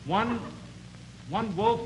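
High-voiced man echoing guesses. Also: extremely slow, a little mellow. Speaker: game show contestant. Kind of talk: repeating charade guesses. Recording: hissy old TV broadcast recording.

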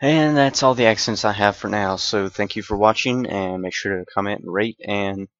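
A man's voice: on the low side, fairly even intonation, normal speed, a bit bright, no echo, lo-fi sound. Young man doing accent skits. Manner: playful, switching between put-on accents. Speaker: video creator. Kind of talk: accent skits as phone calls.

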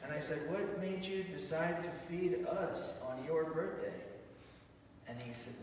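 A man giving an excited, animated church testimony, telling his story with many restarts. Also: on the high side, a little slow, background noise. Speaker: testimony speaker. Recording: echoey hall, far mic.

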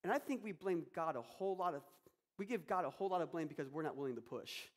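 A man's voice: fairly high pitch, expressive, fast. A male pastor preaching a sermon with energy, acting out quotes and prayers.

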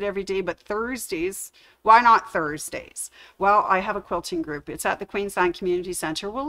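A middle-aged woman, a store employee, tells how she got her job during a livestreamed anniversary tribute in a sewing store media room. Her mid-range voice is fairly bright, and in this emotional speech she tells the story while acting out quoted dialogue.

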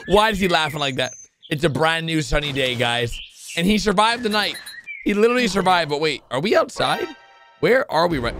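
A man hosting a reaction video, commenting excitedly with sudden high yelps and constant exclamations. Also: normal speed, soft background music.

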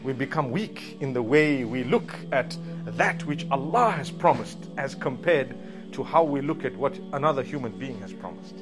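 A man's voice: mid-range voice, expressive, normal speed, over music. A man giving a Friday sermon, preaching emphatically with rhetorical questions and recited Arabic verses.

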